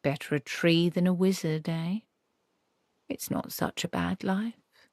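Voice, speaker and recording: Brief: sly, lecturing storybook tree, once a male wizard, read by a woman, low and quiet, dry sound. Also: steady tone, a little slow, gravelly, no echo. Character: smug talking apple tree, a former male wizard.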